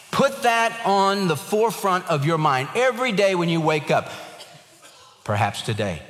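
A man's voice: high voice, very animated, moderate pace, a bit bright. Man preaching with ringing hall reverb. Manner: earnest preaching, varied emphasis, tells jokes. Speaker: pastor. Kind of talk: sermon.

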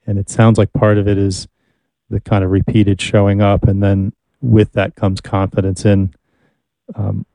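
Male host, flat low voice, mellow tone, thoughtful hesitant questions. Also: dry recording. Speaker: interview host. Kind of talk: interviewing.

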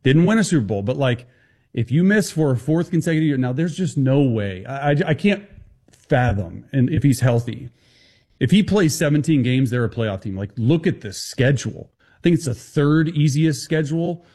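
A man appearing as a football analyst guest on a sports talk show, talking fast and confidently with quick restarts. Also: medium pitch, animated, warm tone.

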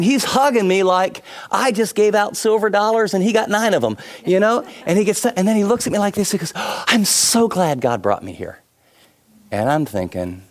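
Animated man preaching a sermon. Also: a little high. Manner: animated storytelling with frequent fillers. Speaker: pastor.

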